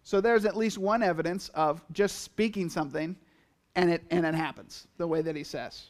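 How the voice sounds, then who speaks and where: A man with a fairly high voice preaches a sermon in an easy, talky way. He keeps it lively by acting out the listeners' reactions and quoted lines as he goes. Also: moderate pace. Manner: conversational, animated, acts out quotes in asides. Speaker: pastor.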